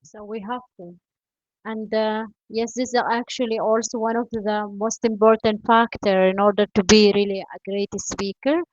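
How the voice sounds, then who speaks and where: A woman whose first language is not English, teaching an online English class by video call, encouraging and filling pauses with "you know" and "uh". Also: medium pitch, level tone, no room sound. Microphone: video call mic. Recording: dull lo-fi video call audio.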